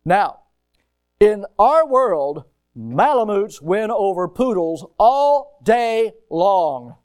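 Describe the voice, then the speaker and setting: A man preaching a sermon, telling stories with sudden loud rises and often repeating his words as he starts a thought. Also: high voice, big pitch swings, drawn-out words.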